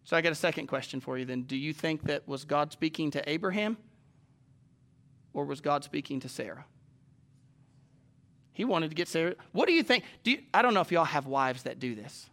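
A man preaches a sermon to his congregation in a church, with a bright, forceful voice. He talks animatedly and shifts from calm points into sudden loud, acted-out quotes. His voice sits a bit high for a man. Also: brisk, pauses often. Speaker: pastor. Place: church sanctuary with a live congregation.

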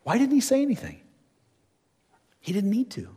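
A man's voice: very high-pitched, wildly swooping pitch, moderate pace, warm tone, slightly rough. A middle-aged man preaching a sermon, telling a story and putting rhetorical questions to his listeners.

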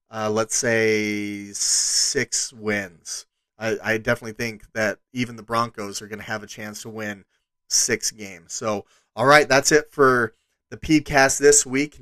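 A man's voice: medium pitch, pushed and bright, dry recording. A man hosting a solo sports podcast, talking casually with frequent restarts and fillers. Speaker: podcast host.

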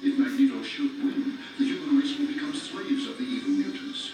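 A man's voice: extremely high pitch, fairly even intonation, a little fast, creaky. An actor playing a stern elderly male mentor of mutants in a 1980s cartoon, formal and urgent. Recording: roomy, distant clip with music.

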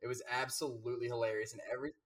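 A man's voice: medium pitch, level tone, rapid-fire, recorded from a distance. A man, a game coach, chatting casually as a guest and rambling through stories with many fillers and restarts. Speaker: Rocket League coach and guest. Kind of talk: casual interview chat.

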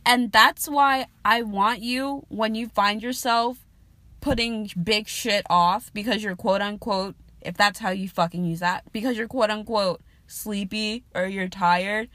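A young woman hosts a casual solo podcast in a mid-range, fairly bright voice, recorded without echo. She rambles chattily, swears freely, laughs often, and loses her train of thought, trailing off mid-sentence.

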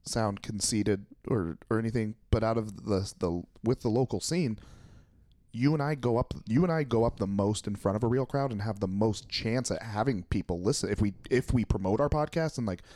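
A young man, a stand-up comic, talks loosely on a podcast. He rambles, swears freely, and laughs often. His voice sits low and is recorded dry and close. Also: moderate pace, a little mellow, dry recording. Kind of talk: casual chat.

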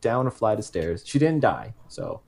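Casting note: man, low-pitched podcast co-host, loose rambling storyteller, self-correcting, jokey asides. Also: wildly swooping pitch, normal speed, vocal fry, darkish tone. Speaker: podcast co-host telling the case.

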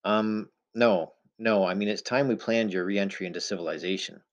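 Gentle, sensible backwoods woman, quiet and soft; a male audiobook reader voicing her. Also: on the low side, normal speed, highs cut off, close to an everyday voice. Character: lonely, gentle, sensible woman living in the wild.

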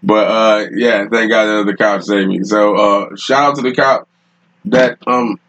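A man's voice: on the low side, fairly even intonation, a little slow, fairly bright tone, low-quality recording. A man hosting a podcast, telling a rambling, profane story in casual talk, often laughing, recorded in a room at home. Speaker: podcast host.

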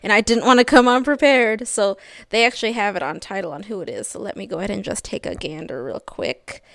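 A woman's voice: mid-range voice, fairly quick, gravelly, a bit bright, no echo. Chatty young woman co-hosting a podcast. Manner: chatty, upbeat, laughs often. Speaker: podcast co-host. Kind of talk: casual podcast chat.

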